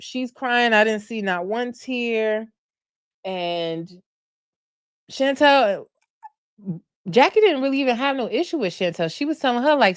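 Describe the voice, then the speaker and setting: A woman hosting a casual reality TV recap, animated, laughing and loudly mimicking cast members. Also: mid-range voice, no echo, studio quality. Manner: animated storytelling with frequent laughs and loud mock-quotes. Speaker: podcast host recapping reality TV.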